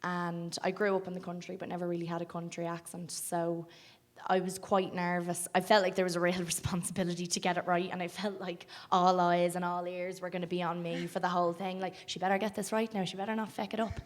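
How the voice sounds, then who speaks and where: A young Irish woman with a generic Dublin accent talks casually on a festival panel about her acting work. Her voice sits a little low for a woman, and her chatty answers are loose, broken by ums and laughter. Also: monotone, fairly quick. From Ireland. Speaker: film actor guest. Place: festival cafe stage.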